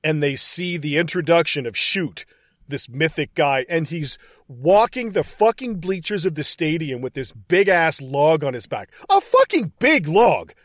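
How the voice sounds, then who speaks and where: A man co-hosting a casual film podcast, retelling scenes in a profane, animated way. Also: a little high, normal speed, no room sound, studio quality. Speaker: podcast co-host.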